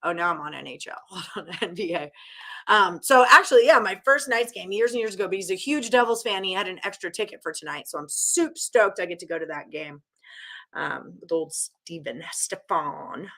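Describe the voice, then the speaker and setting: Bright-voiced chatty woman host. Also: on the low side, moderate pace. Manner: chatty, rattling off names and scores; upbeat, teasing viewers. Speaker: sports betting show host. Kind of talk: casual live-stream chat.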